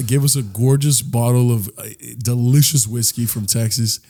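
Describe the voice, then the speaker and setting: A man co-hosting a podcast in casual chat, his voice hoarse, playful and joking. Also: medium pitch, steady tone, normal speed, mellow. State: hoarse from a lost voice. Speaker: podcast co-host.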